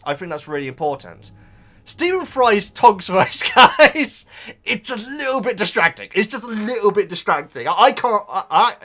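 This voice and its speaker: Guy rambling about a book to his viewers, high voice that jumps around a lot, faint music underneath. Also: a bit bright. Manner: rambling, many restarts and asides to viewers. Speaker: vlogger reacting to a book. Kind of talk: casual rambling chat.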